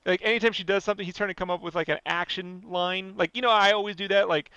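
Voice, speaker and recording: A man ranting casually and profanely on a podcast, animated and fired up. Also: sits high, fast talker, clear, resonant tone, no room sound. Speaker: podcast guest.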